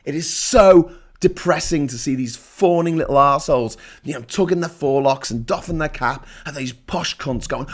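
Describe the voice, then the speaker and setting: A man hosting a political livestream, reading chat messages and ranting sarcastically, swinging between loud outbursts and low muttering. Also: moderate pace, hardly any pauses. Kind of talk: ranting live-stream commentary reading chat.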